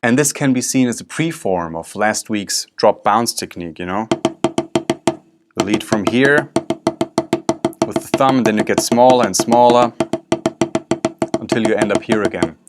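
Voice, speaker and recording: Male drum instructor, lowish voice, calm step-by-step walkthrough, loud music under it. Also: a little slow, pauses often. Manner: explains step by step while demonstrating on drums. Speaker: drum teacher. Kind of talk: instructional video lesson. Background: drum strokes and music.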